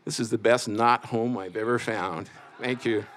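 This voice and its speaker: A man's voice: medium pitch, fairly even intonation, moderate pace, fairly bright tone. Midwest guy spinning a wry story about himself, regular mid voice, chatty and self-deprecating. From Midwest United States. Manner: wry, self-mocking, conversational with fillers. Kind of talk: live personal storytelling.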